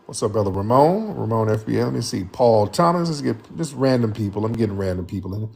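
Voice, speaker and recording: Husky emphatic man with a lively voice. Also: on the low side, quick pace. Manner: emphatic, repetitive, slangy. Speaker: live-stream commentary host taking callers. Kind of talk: heated live-stream commentary.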